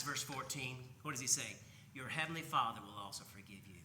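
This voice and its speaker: A man's voice: mid-range voice, expressive, fairly quick, bright, forceful tone, reverberant, slight background noise. A man preaching a sermon in a conversational way, often asking his listeners rhetorical questions. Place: church sanctuary.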